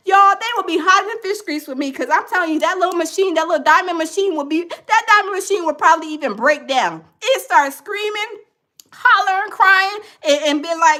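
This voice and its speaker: A woman's voice: very high voice, expressive, a little fast, sharp tone. A woman hosting a casual gossip livestream, talking animatedly and acting out other people's voices. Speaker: gossip show host.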